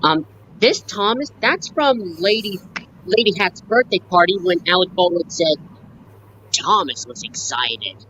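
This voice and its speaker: Slow-talking woman fan on a live stream. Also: fairly low pitch, expressive, fairly bright tone, muffled recording, a little hiss or hum. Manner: slow, halting, lists scenes and quotes lines. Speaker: fan sharing a book collection. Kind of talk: casual live-stream chat.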